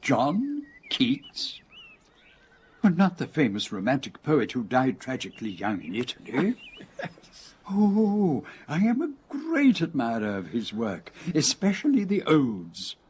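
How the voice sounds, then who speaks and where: A bemused elderly gent in his 80s, radio comedy; husky, slow, lively, hesitant pitch swings. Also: full character voice. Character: forgetful elderly man, 80s, mild and courteous.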